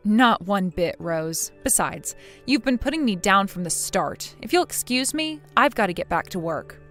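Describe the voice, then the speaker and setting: A woman voicing a cool, sarcastic young wife in a scripted text-message drama, mocking quietly. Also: mid-range voice, expressive, moderate pace, soft background music, natural voice.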